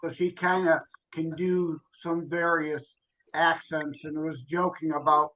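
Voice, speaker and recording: A man co-hosting a podcast in casual chat, easygoing and quick to laugh. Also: on the high side, flat delivery, lo-fi sound. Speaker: podcast co-host.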